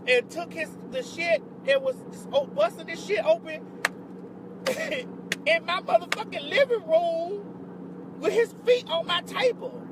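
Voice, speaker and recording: A high-pitched woman with a drawl spins a storytime for her vlog. She talks sassy and profane, piling on dramatic outbursts of disbelief. A faint hum of background noise sits under her voice. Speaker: vlogger.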